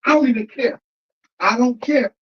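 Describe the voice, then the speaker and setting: Debater in a played clip: mid-pitched voice, earnest and deliberate, with slightly muffled audio. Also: a bit bright. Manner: deliberate, repeats words as they build a point.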